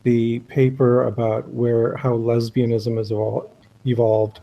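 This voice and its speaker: A man's voice: mid-range voice, flat delivery, unhurried, vocal fry, highs cut off. A man, a biologist, talking emphatically and critically in a video call conversation. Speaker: blogger and biologist.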